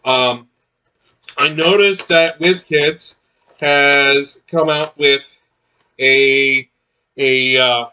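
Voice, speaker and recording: A man's voice: medium pitch, steady tone, very slow, long pauses, pushed and bright, a little hiss or hum. A man chatting casually as he unboxes miniatures, rambling with many fillers and restarts. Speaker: miniatures collector unboxing blind boxes.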